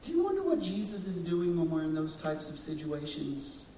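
A pastor preaches dramatically in a church sanctuary, posing questions to the congregation and slipping into voices for the people he quotes. His fairly high voice is sing-song and dark at a moderate pace. The room echoes, the mic is distant, and there's a little hiss or hum.

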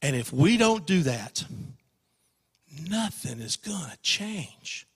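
A man's voice: fairly high pitch, big pitch swings, slow, breathy edge. Guy preaching in church, big swings up and down, long echo. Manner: emotional storytelling, swings from loud to hushed. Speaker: pastor. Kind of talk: sermon.

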